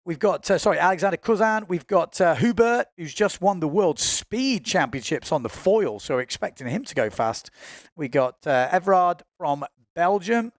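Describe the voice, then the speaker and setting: A man's voice: sits high, expressive, moderate pace, no echo, studio quality. A man giving chatty, informal live commentary on a windsurfing race, often correcting himself as he goes.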